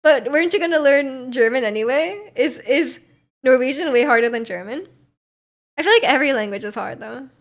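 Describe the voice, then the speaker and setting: A young woman from North America with a slightly high voice chats on her livestream. She rambles, laughs easily and fills every gap with little fillers, just hanging out with viewers. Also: animated, fairly quick. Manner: rambling, filler-heavy, giggly. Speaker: livestream host. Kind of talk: casual stream chat.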